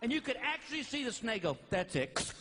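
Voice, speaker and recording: Male stand-up comic, very high voice, wildly lively delivery, shouted rants. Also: quick pace, background noise. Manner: animated storytelling with shouted outbursts. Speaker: stand-up comedian. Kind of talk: stand-up comedy. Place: stage before a live audience.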